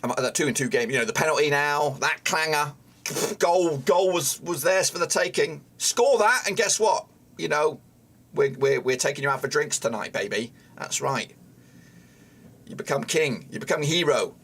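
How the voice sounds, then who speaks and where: A man's voice: a little high, normal speed, fairly bright tone. A man streaming a live football watchalong who is frustrated, swears often and talks at the players on screen. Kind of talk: live match watchalong commentary.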